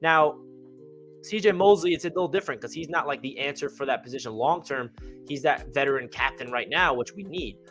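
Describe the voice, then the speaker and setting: A young man talking casually and with excitement about his football team, rambling and full of fillers, with hiccups. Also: medium pitch, brisk, soft background music. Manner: rambling, enthusiastic, many fillers. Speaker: fan channel host.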